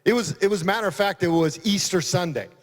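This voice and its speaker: A man's voice: high-pitched, fast talker. A middle-aged man, a county sheriff, giving an emphatic, folksy conference speech. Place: conference hall. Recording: long hall reverb.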